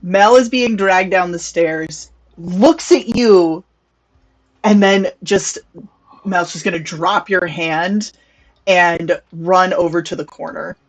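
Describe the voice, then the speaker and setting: Low-voiced woman running a tabletop game. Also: takes it slowly, rough recording. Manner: relaxed, casual narration with fillers. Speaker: game master.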